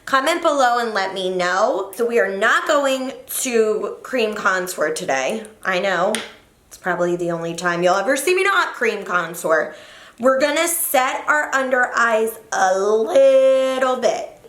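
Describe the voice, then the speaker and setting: A woman's voice: fairly high pitch, animated, unhurried, a bit bright. A young woman talking through a makeup tutorial in a chatty, joking way, correcting her own slips as she goes. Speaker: beauty vlogger. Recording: roomy echo.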